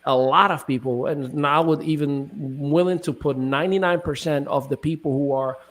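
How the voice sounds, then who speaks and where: A passionate man hosting a casual panel discussion, with a voice a little higher than most men's. He builds his points with repeated, preachy phrases and restarts often. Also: fairly even intonation, normal speed, a bit bright. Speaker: host.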